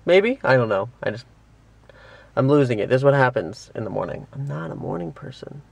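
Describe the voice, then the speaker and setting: A man's voice: medium pitch, fairly quick, creaky. A man chatting casually to camera in a vlog, rambling and joking at his own expense from his car seat. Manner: rambling, jokey and self-mocking. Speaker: vlogger. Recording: steady background noise.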